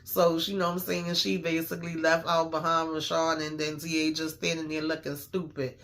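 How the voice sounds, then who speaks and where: Man host, fairly high bright voice, slangy and emphatic, casual episode recap. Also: monotone, moderate pace. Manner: slangy, emphatic storytelling with many fillers.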